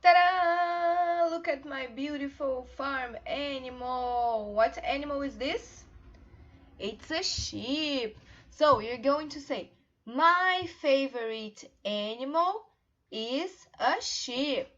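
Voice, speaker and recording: A young woman teaching English to small children in slow, encouraging, sing-song questions, recorded on a laptop mic. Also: sits high, a bit bright. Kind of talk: children's online class with songs. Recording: slightly dull lo-fi home recording.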